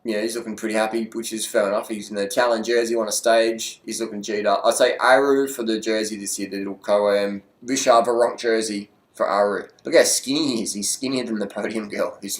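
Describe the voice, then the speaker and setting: A man giving casual, crude and excitable commentary over race highlights, joking freely as he goes. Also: echoey room. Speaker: cycling commentator.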